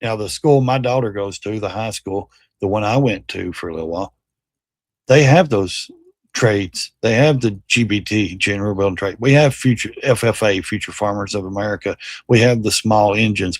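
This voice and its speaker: This middle-aged livestream host reacts to clips bluntly and with animation, full of swearing and mockery in casual commentary. He speaks at a fairly low pitch, recorded with no room sound.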